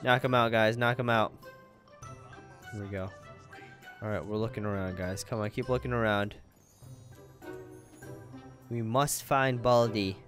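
A man hosting his gaming channel, giving chatty, excitable gameplay commentary and talking straight to his viewers. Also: on the low side, a little slow, long pauses, soft background music. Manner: excitable, chatty, keeps addressing viewers as guys.

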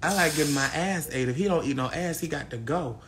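Here the St. Louis livestreamer, still in their twenties, talks briskly at a medium pitch, staying crude, brash, and teasing in the casual live-stream chat. There's slight background noise.

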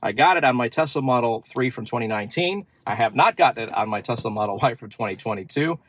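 A man's voice: medium pitch, animated, fast, fairly bright tone, no echo. A man hosting a car channel, chatting casually and thinking aloud with fillers as he shows features from inside his parked car. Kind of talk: casual demo walkthrough.

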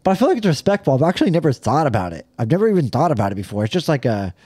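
A young man on a podcast mic, trading crude jokes and laughing through his stories. His pitch bounces all over the place, and the sound is close and dry with no room around it. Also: sing-song, very fast, dark tone, husky, no room sound. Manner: crude, joking, laughs often. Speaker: podcast co-host. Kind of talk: casual chat.

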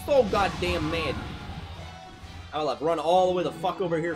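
A man co-hosting a video game let's play, goofy and loud, with sudden shouts and swearing. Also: moderate pace, long pauses, music in the background. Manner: goofy, loud outbursts, swearing, put-on deep voice. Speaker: gameplay co-host.

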